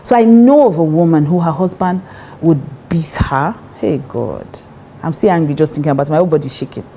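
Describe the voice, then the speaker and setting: A woman's voice: deep voice, quick pace, warm tone, a little hiss or hum. A woman with a Nigerian accent giving relationship advice in a casual, emphatic talk, often acting out the voices of people she quotes.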